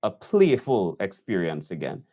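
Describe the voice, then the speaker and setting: Man, editor reaction commentary, thoughtful, unhurried, lowish voice. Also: wildly swooping pitch, dark tone, slight background noise.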